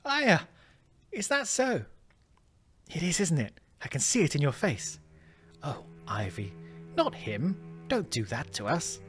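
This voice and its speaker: A man's voice: mid-range voice, huge pitch swings, slow pace, faint music behind. A man voicing a fussy older English woman, arch and exclaiming.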